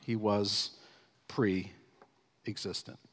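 A man preaching a sermon as pastor, emphatic, slowing down and stressing key phrases as he reads scripture. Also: lowish voice, steady tone, big-room sound.

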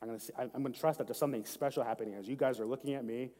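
A man preaching a sermon as a pastor, earnest and self-deprecating, reading scripture slowly and prayerfully. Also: mid-range voice, steady tone, warm tone. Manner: earnest, laughs at himself, slows down to read prayerfully. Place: church sanctuary with seat backs. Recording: long hall reverb.

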